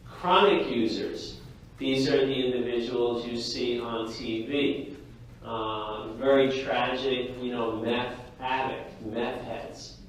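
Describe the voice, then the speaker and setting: Man, lecturer, lively, jokey, echoey hall, distant mic, faint hiss. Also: mid-range voice, slow pace. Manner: lively, jokey, addresses the class directly. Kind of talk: classroom lecture.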